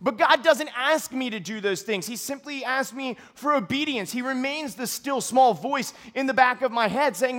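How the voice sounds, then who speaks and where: A male pastor delivering an earnest, confessional sermon to a church congregation, moving from quiet reflection to loud outbursts. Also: very high-pitched, normal speed, few pauses.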